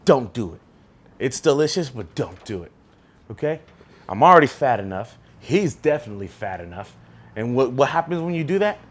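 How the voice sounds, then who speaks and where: A man's voice: mid-range voice, sing-song, moderate pace. A young man co-hosting a podcast, telling a story in laid-back, joking, profane chat. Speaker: podcast co-host. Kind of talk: casual chat.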